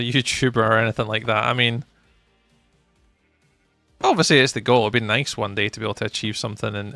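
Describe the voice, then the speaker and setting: A young Scottish man chatting casually with viewers on a live game stream, playful and reading chat out loud. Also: medium pitch, dry recording.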